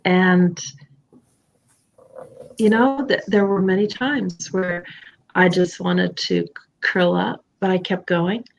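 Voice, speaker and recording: A woman hosting a candid conversation, talking in an animated, emphatic and playful way. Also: on the low side, takes it slowly, creaky, pauses often, lo-fi sound, a crowd in the background. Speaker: podcast host.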